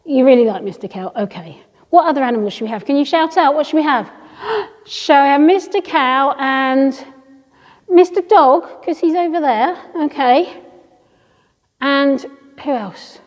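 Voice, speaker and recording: A middle-aged woman leading a toddler group in a church hall, coaxing and bright as she talks to small children before reading them a story. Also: high voice, lively intonation, unhurried. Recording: dull sound with long hall reverb.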